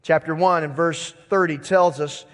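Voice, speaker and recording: A middle-aged man preaching a sermon, moving between quiet, conversational asides and emphatic declarations. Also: a little high, fairly even intonation, normal speed, long reverb tail. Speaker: pastor.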